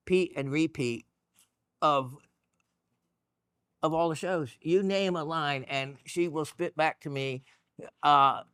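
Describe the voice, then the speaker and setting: A man's voice: a little high, fairly bright tone, clear, resonant tone, dry recording, clean studio sound. A man hosting a gemstone show, talking in a rambling, encouraging way with lots of fillers and restarts. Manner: chatty and encouraging. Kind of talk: casual educational talk.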